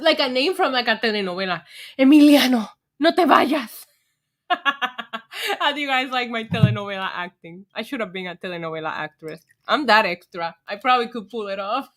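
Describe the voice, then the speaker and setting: A woman hosting a casual livestream, excitable and getting tipsy, swearing freely and laughing often. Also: on the high side. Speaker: livestream host.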